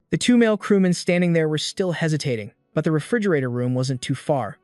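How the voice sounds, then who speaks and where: A man giving a steady scripted narration as the recap narrator of a comic story. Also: a little high, quick pace, hardly any pauses, no echo, clean studio sound, soft background music.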